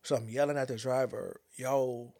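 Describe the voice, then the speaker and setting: A man shares a personal story, stopping and restarting often as he searches for his words. His voice sits at an ordinary middle pitch. The sound is dry and close, with no room echo. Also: steady tone. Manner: halting, many restarts and fillers, reflective. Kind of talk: personal monologue about anxiety and a dream.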